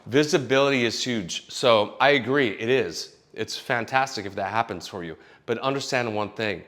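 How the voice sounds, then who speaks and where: Animated swearing man giving blunt advice. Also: on the low side, moderate pace. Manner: animated, swearing, many restarts. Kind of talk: casual advice monologue. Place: Los Angeles home.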